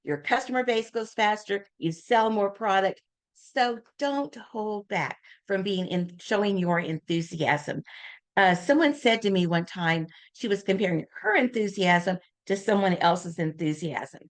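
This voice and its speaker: An older woman speaks as a guest at an informal talk. She tells her stories in a casual, animated way and brings each anecdote to life by acting out the people she quotes. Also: mid-range voice, a little slow. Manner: lively anecdotes, acts out quoted voices.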